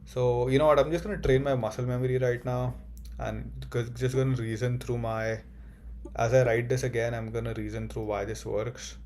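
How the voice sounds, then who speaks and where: A young man delivers a comedic monologue as a job-hunting student, swearing often and rambling excitably with sudden outbursts. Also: medium pitch, moderate pace, slight background noise.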